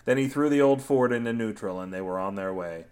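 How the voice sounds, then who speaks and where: A man's voice: on the low side, a little fast, a little mellow. A man narrates a comic story on his own podcast, tossing off silly asides between scenes. His delivery is playful and loose. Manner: playful, absurd wordplay. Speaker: podcast host and story reader.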